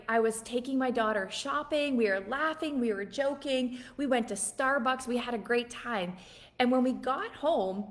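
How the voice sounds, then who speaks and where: A middle-aged woman who works as a life coach recounts a personal story to her viewers in a casual, animated way. Her voice sits a bit high, and she leans hard on the key moments before dropping soft for the quoted dialogue.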